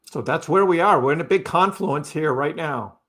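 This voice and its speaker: A man's voice: fairly high pitch, moderate pace, fairly bright tone. A man hosting a casual crypto livestream, chatty and repetitive, often tagging lines with "right?" and talking back to his chat. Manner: chatty, repeats phrases, peppers with "right?"; talks back to chat commenters.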